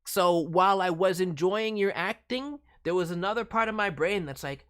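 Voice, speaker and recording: A man's voice: sits high, a bit bright, smooth. A man streaming as a voice actor, giving chatty, encouraging advice on demos and voice work. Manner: chatty and encouraging, many fillers and quick asides. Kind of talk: casual livestream advice.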